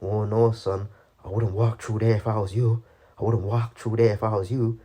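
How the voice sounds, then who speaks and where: An old countryside farmer, done by a man in a passing impression speaks with a rough Irish lilt and a slight whistle in his voice. His voice sits fairly low, and the warning comes out calm and fatherly. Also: normal speed, natural voice. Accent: Irish, loosely imitated.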